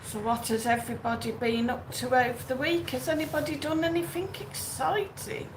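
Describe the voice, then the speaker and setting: A woman's voice: high voice, steady tone, moderate pace. A woman hosting a casual live stream, greeting viewers by name and chatting through their comments. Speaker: livestream host. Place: outdoors or home in Benidorm. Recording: faint background noise.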